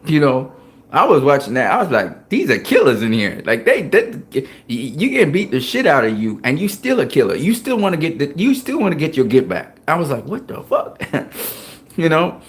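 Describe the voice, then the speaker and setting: A man hosting a boxing talk show, telling gym stories in a casual, profane, animated way and laughing often. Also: fairly high pitch, brisk. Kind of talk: casual chat.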